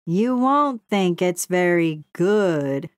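A woman's voice: fairly low pitch, lively intonation, very slow, dry recording, studio quality. A woman voicing a lazy, teasing male beaver in a storybook reading.

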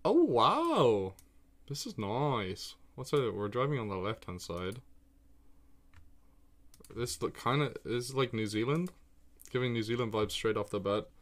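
Male streamer, lowish voice, excitable casual chat with loose swearing, keyboard typing behind. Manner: excitable, talks to himself and chat, swears freely. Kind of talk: casual live-stream chat while playing a geography game.

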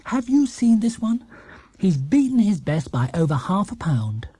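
A woman's voice: mid-range voice, sing-song, measured pace, dark tone, husky, no room sound, pitched above the performer's own voice. A man voicing a cheerful, proud mother in a storybook reading, speaking in a fond, chatty way.

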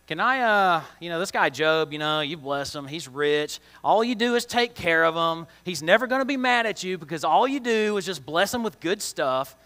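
Man doing a slangy, smooth-talking devil for a storytelling lesson; bright, slightly high voice. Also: expressive, moderate pace, hardly any pauses. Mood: coaxing. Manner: laid-back, pushy, slangy. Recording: long reverb of a large hall.

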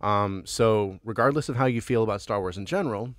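A man hosting a casual movie review podcast, playful and animated, often laughing as he talks. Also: lowish voice, fairly quick, no echo, clean studio sound. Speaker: podcast host and bartender.

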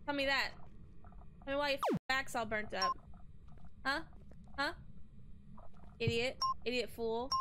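A woman streamer giving profane, taunting gameplay commentary, yelling insults at the screen. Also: on the high side, steady tone, measured pace, long pauses, very noisy.

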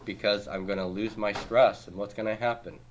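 A man with a fairly low voice leads a classroom homework review, firing off questions and answering them himself. He keeps a brisk pace and drops the odd dry joke. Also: steady tone, slight background noise. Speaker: Hebrew teacher.

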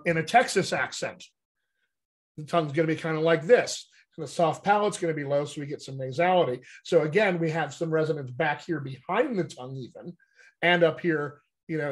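Man explaining as a dialect coach. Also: on the high side. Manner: teacherly, checks in with frequent "right?". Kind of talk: explanatory interview talk.

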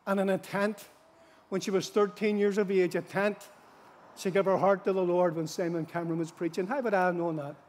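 High-voiced male preacher, earnest, repeats for emphasis, reverberant tent. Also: fairly even intonation. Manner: earnest, repeats phrases for emphasis, slows for scripture. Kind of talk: tent mission sermon. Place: large gospel tent.

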